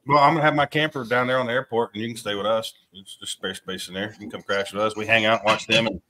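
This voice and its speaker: A man's voice: lowish voice, fairly even intonation, quick pace, bright, forceful tone. A man hosting a casual livestream chat, laughing often and reading viewer comments aloud. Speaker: livestream host.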